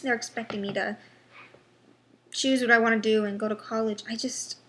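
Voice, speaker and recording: A young woman talks to her webcam at home in a halting, restart-heavy monologue, worn down and frustrated. Her voice sits a little high. A faint background hiss runs under the recording. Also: fairly even intonation, fairly bright tone. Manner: halting, with many ums and restarts. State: unwell. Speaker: vlogger. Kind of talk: personal vlog monologue.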